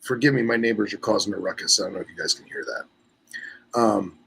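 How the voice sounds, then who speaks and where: A man's voice: fairly low pitch, animated, fairly quick, creaky, a bit bright, breathy edge, low-quality recording. A man co-hosting a casual podcast chat, a little congested and nasal, rambling through stories and reading an article aloud. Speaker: podcast co-host.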